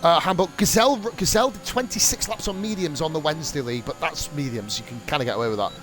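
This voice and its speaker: A young man streaming live sim-racing commentary, excitable and rambling, swearing freely and going off on rants. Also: fairly high pitch, fast talker, music in the background. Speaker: league streamer and race commentator.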